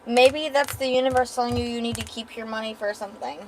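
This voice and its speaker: A woman's voice: fairly high pitch, steady tone, fast, background noise. A young woman chatting casually as she draws on a livestream, swearing freely. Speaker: art streamer. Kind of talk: casual livestream chat while drawing.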